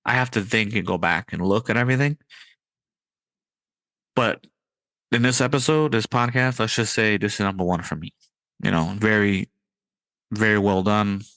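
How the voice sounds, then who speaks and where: A man hosting a podcast in casual chat, excited and riffing, with his voice jumping up on punchlines. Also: on the low side, normal speed, pauses often, no room sound. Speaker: podcast host.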